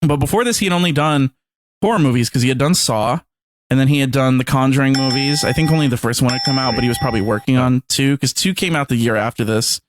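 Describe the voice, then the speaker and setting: A man's voice: medium pitch, fast. A man co-hosting a movie podcast in casual chat, rambling, swearing often and acting out scenes. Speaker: podcast co-host.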